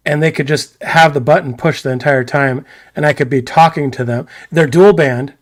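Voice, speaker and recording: A man co-hosting a live stream, chatting casually and excitedly, rambling and laughing often. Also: fairly high pitch, normal speed, no echo, studio quality. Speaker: co-host of a live stream show. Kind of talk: casual banter.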